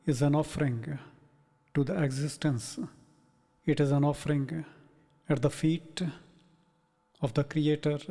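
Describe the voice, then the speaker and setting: Male spiritual teacher, slow meditative delivery, mellow tone, long hall reverb. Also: fairly high pitch. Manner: measured, reflective, in short phrases.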